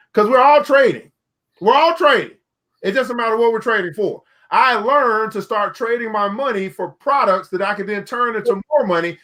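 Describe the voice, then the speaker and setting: A man's voice: extremely high pitch, bright, forceful tone. A man hosting a casual online talk about making money, folksy and preachy, often repeating himself as he explains. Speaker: show host. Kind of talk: casual business talk to camera.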